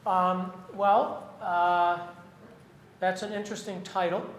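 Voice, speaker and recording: Chatty high-voiced man in an echoey room. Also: flat delivery. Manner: chatty, halting, restarts mid-sentence. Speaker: poet reading his work. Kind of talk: audience Q&A after a reading. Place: lecture room with an audience.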